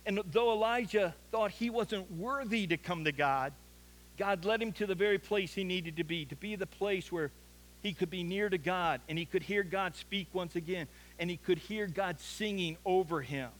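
A man's voice: sits high, moderate pace, fairly bright tone, low-quality recording. A man preaching an earnest sermon as a pastor, building to emphatic peaks.

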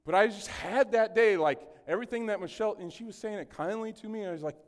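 A man's voice: high-pitched, quick pace. A man preaching a casual, joking sermon, often asking the congregation questions. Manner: chatty, jokey, often asks the congregation questions. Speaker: pastor. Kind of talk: conversational sermon. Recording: long hall reverb.

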